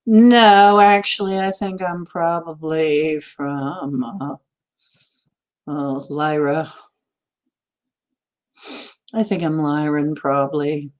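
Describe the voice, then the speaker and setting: A woman's voice: low voice, steady tone, extremely slow, pauses often, darkish tone. A woman hosting a casual chat, rambling and giggling between puns and jokes.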